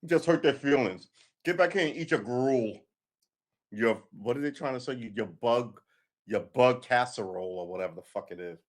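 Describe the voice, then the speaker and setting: A man voicing a gruff man who scolds and yells at others. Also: medium pitch, normal speed, close to an everyday voice. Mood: scolding.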